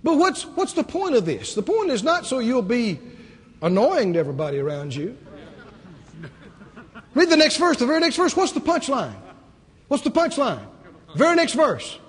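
A man from the American South with a Southern accent, preaching a lively sermon with rhetorical questions and acted-out voices. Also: very high-pitched, moderate pace, long pauses, long reverb tail.

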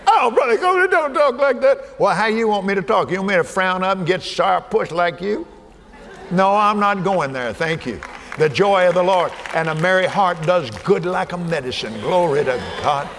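An older man preaching a sermon in a folksy way, dropping to soft murmurs and rising to shouts. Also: high voice, normal speed, a faint crowd. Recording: hall reverb, faint ambience.

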